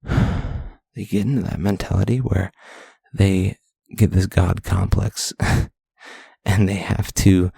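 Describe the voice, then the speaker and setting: Give me a young man with a low, very raspy voice, ranting casually on a solo podcast. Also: warm tone, no echo, studio quality. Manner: ranting, rambling, self-deprecating. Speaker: podcast host.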